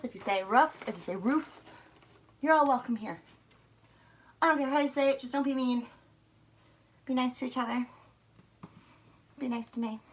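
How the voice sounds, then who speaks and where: A young woman with a Philadelphia-area accent chats on and on, joking at her own expense. Her voice sits a little high and is slightly hoarse from talking so long. A faint background noise runs under the recording. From outside Philadelphia. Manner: chatty, rambling, self-mocking. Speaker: vlogger. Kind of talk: casual livestream chat while packing.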